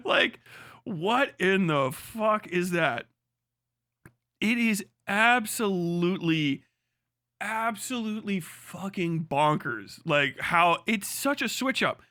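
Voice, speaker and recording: Excitable, high-voiced male streamer. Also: no room sound, studio quality. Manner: animated, profane, quick to laugh, mimics voices. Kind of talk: casual livestream rant.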